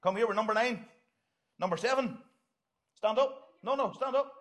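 A man's voice: high voice, moderate pace. A middle-aged man, giving a jokey, upbeat children's talk in church and directing volunteers. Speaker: pastor.

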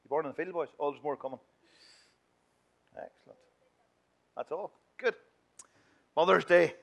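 Male minister, higher-pitched, playful and chatty with the kids. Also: normal speed, vocal fry. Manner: playful and chatty, mimicking whiny children. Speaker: minister leading a children's talk. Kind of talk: lively church children's talk.

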